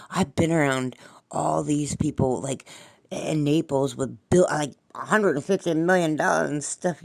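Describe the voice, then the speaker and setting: Woman host with a gravelly voice, loose and rambling, spiritual, swears a lot. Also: low-pitched, a little mellow. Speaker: podcast host. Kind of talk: rambling casual monologue.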